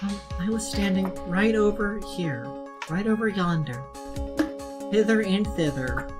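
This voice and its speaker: A man's voice: sits high, a little slow. Bubbly young woman witness, voiced by a man, sing-song upspeak, rambling, game dialogue, music bed. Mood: whimsical. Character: bubbly young female witness who loves pink. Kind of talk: voicing game dialogue on stream. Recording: music playing underneath.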